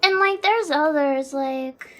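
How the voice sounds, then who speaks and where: Sleepy high-voiced woman streamer. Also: takes it slowly, sharp tone, a little hiss or hum. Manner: rambling, swears freely, frequent fillers. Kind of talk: casual stream chat.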